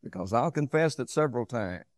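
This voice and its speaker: A man preaching a sermon, rising to loud, high passages and sinking to low, quiet ones. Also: lively intonation, fairly quick, no room sound, studio quality.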